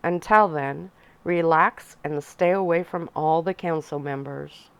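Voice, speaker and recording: Calm vampire dad, read by a woman. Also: deep voice, vocal fry, clean tone, no room sound. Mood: calm, gentle. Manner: gentle, measured and calm. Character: calm protective vampire father. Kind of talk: ASMR story reading.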